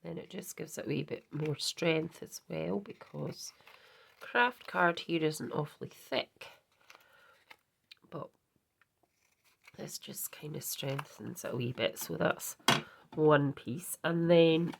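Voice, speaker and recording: A woman's voice: low-pitched, slow pace, vocal fry, long pauses, slightly rough. A woman hosting a craft video, chatting in a rambling way and correcting herself as she works, with a sweet in her mouth against a cough. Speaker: craft channel host. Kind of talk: casual crafting demonstration.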